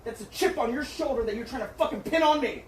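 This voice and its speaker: A man's voice: extremely high pitch, fast talker. A man in a heated argument, lecturing and swearing as he insists on his own point. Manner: berating, profane, lecturing. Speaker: streamer's manager. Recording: echoey room from far off, faint noise.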